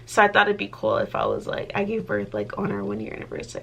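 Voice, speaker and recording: A woman's voice: mid-range voice, very animated, quick pace, gravelly, fairly bright tone, slight background noise. A young adult woman talking casually to her vlog audience, chatty and giggly, with lots of filler words. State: pregnant. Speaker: vlogger.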